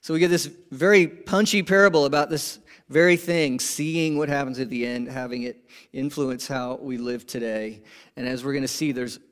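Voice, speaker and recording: A man preaching a sermon to his congregation, animated and conversational, asking rhetorical questions and swinging from emphatic peaks to quiet lows. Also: normal speed, clear, resonant tone. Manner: animated, rising to emphatic peaks then dropping low. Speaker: pastor.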